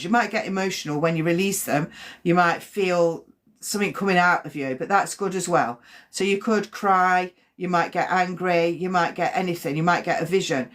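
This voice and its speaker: Soft-spoken woman medium, lowish voice. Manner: halting, repeats herself, gentle and reassuring. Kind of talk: live-stream spirit reading.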